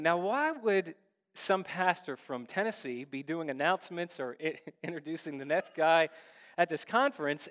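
Man preaching, casual self-mocking storytelling, slightly high voice, long church reverb. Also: a bit bright. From Maryland, US. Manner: conversational, self-deprecating storytelling. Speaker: pastor. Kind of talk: sermon with personal story. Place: church sanctuary.

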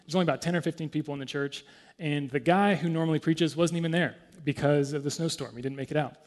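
A man pastor giving a conversational sermon, with fillers, and clearing his throat often. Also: on the high side, quick pace, long reverb tail.

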